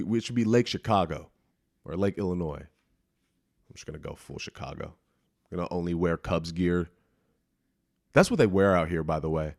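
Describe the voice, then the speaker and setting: A man's voice: low-pitched, dry recording, clean studio sound. A young man talking in a casual solo podcast from his apartment, rambling and self-deprecating, swearing freely and restarting his sentences. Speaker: podcast host. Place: small apartment room.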